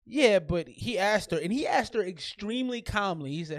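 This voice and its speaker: A man's voice: sits high, animated, normal speed, no echo, clean studio sound. A young man co-hosting a casual podcast chat, opinionated and emphatic, often stammering and restarting. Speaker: podcast co-host. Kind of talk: casual chat recapping a reality show.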